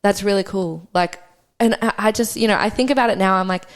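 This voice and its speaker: A young adult woman, a podcast guest, speaking candidly and conversationally about her own experience, often re-enacting what she and others said. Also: medium pitch. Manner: quick, conversational, re-enacts past dialogue. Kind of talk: candid personal storytelling.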